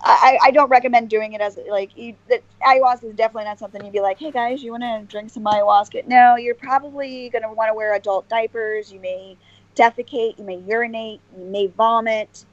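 A woman's voice: a little high, fairly even intonation, brisk. Woman rambling earnestly as a podcast guest, lots of restarts, kinda dull lo-fi audio. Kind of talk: casual interview chat. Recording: dull lo-fi dry sound.

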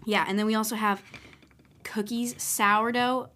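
A woman's voice: fairly high pitch, fairly even intonation, a little slow, pushed and bright. A teenage girl co-hosting a podcast, chatting in a bubbly, talkative way and laughing often. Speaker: podcast co-host. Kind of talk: casual chat. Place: bedroom, doing hair and nails.

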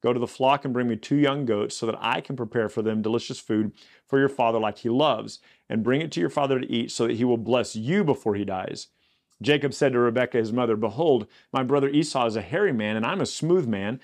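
Guy doing a bible podcast, reads a verse then rambles about it, mid pitch, loose and chatty. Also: fairly quick. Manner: reads scripture then riffs with chatty asides; conversational, many fillers and restarts. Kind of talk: casual Bible reading and commentary.

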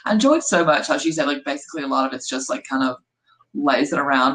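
A woman's voice: low-pitched, quick pace, fairly bright tone, a little hiss or hum, low-quality recording. A woman in her thirties co-hosting a casual book chat, talking with lots of fillers and quoting herself. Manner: chatty, filler-heavy with acted quotes. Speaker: podcast co-host.

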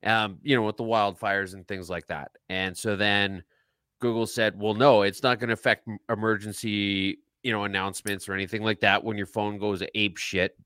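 A man's voice: lowish voice, little pitch movement, normal speed, sharp tone, clear, resonant tone, no echo. A man co-hosting a podcast, ranting casually about politics with lots of filler words. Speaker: podcast co-host.

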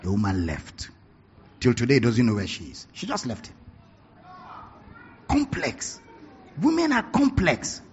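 A man preaching a sermon, telling stories with animated bursts of laughter and shouting. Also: mid-range voice, measured pace, long pauses, slight background noise. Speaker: pastor. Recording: dull lo-fi recording.

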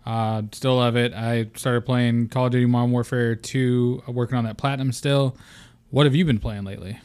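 A man's voice: medium pitch, fairly even intonation, moderate pace, a little mellow, clear, resonant tone. A young man hosting a gaming podcast, chatting loosely, joking and swearing freely. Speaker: podcast host. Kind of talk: casual gaming podcast chat.

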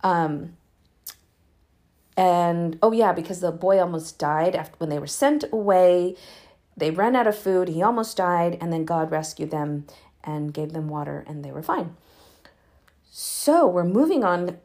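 A woman's voice: lowish voice, expressive, unhurried, a little mellow. Chatty woman retelling Bible stories. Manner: chatty, informal retelling with frequent fillers; earnest, rising emphasis when urging prayer. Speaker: podcast host reading the Bible. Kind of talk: casual Bible reading and commentary.

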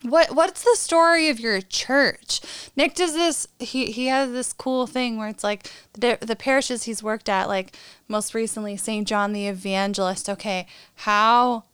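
A woman's voice: a little high, a little slow, fairly bright tone, clean tone, dry recording. A woman chatting as a guest on a podcast, laid-back and self-deprecating. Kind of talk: casual chat.

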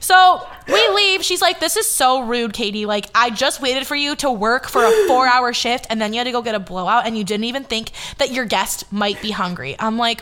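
Woman in her 20s, podcast host, casual storytelling, bright tense tone, a bit high, acts out quotes, swears freely. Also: a little fast. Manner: animated, swearing, acting out quoted dialogue.

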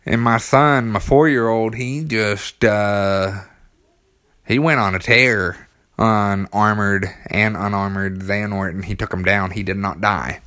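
A man's voice: fairly low pitch, steady tone, measured pace, pushed and bright, clean tone, no room sound, clean studio sound. A man with a small child, talking casually about a video game, with lots of ums and restarts. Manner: rambling, many ums and restarts, enthusiastic. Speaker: gaming commentator.

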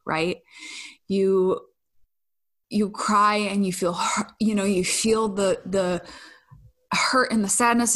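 A woman hosting a casual solo podcast. She talks candidly and effusively, swears casually, sighs and laughs between thoughts, and often trails off and restarts. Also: mid-range voice. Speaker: podcast host.

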